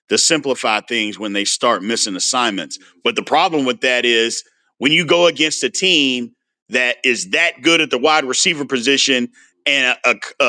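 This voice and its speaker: A man hosting a casual sports livestream, animated and frustrated as he answers viewers' comments by name. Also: mid-range voice. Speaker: sports talk host.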